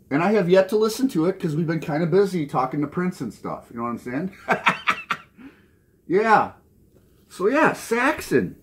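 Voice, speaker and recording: A man hosts his record channel in a loose, joking way, reading made-up news items and then chatting about his latest finds. His pitch swings up and down a lot as he talks. He laughs at his own gags and keeps things casual. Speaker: vinyl record channel host. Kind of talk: casual joking news segment and haul chat.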